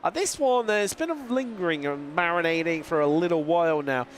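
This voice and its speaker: Male race caller with a cold, raised pitch, quick play-by-play over loud engine roar. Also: slight background noise. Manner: lively play-by-play, fillers, restarts mid-sentence. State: has a lingering cold. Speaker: sim racing commentator. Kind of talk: live race commentary. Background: racing car engine sounds.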